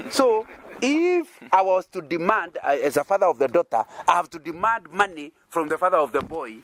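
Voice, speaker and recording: A man's voice: on the high side, sing-song, moderate pace, fairly bright tone, slight background noise. A man with a Kenyan accent, from Kenya, preaching an interactive sermon. He keeps checking in with his listeners through rhetorical questions and chuckles.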